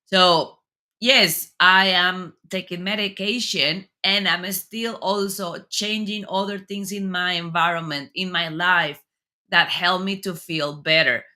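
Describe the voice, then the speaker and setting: Bright-voiced woman hosting an interview. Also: fairly low pitch, fairly even intonation, slow. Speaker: talk show host. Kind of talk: earnest conversational interview.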